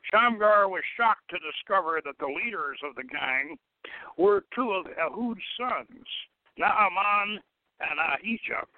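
A man hosting a radio show, narrating a story in a measured, expressive way. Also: sits high, no room sound. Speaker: radio host reading a story. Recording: dry, tinny phone-like radio sound.

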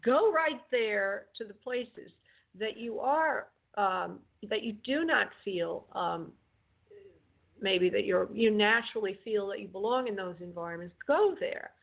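Gravelly woman medium on a phone line. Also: mid-range voice, expressive, unhurried. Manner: affectionate, calls callers honey and darling. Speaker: spirit medium host of a call-in radio show. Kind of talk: call-in reading, relaying messages.

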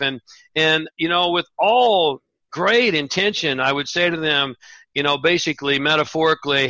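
A man's voice: a little high, sharp tone, dry recording, rough recording. A man speaking as a guest author on a radio interview, earnest and reflective, often restarting his sentences. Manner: earnest, halting restarts, acts out quotes in a raised voice.

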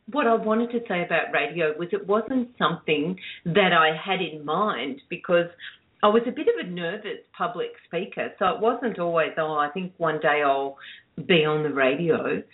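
Older woman, interview guest, chatty storyteller, laughs a lot, phone-line sound. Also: medium pitch. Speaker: interview guest, radio producer. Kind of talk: casual interview chat.

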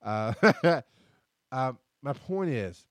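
A man's voice: medium pitch, lively intonation, drawn-out words, fairly bright tone, no echo, clean studio sound. A man in his thirties hosting a podcast, talking bluntly and rambling through a casual personal monologue, swearing freely. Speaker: podcast host. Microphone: headphones and desk mic.

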